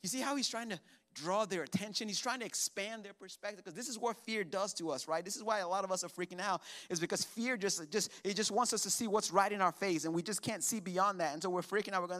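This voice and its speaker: A male pastor preaching a sermon to his congregation, swinging between loud emphasis and hushed asides. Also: sits high, quick pace. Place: church sanctuary with congregation.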